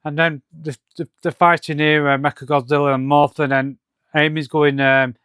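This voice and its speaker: A man's voice: on the high side, flat delivery, normal speed, fairly bright tone, smooth, no echo, clean studio sound. A man casually reviewing a comic, hesitating with lots of ums and restarts. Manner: hesitant, many fillers and restarts.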